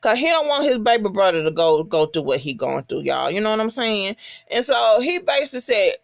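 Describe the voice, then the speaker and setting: A vlogger retelling a TV episode with animated, emphatic storytelling, full of cursing and asides to viewers. The voice sits mid-range and sounds dry and close to the mic, with no room echo. The talk stays casual and off the cuff. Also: mid-range voice, brisk, creaky. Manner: talks straight to viewers as "y'all". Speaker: TV episode recapper.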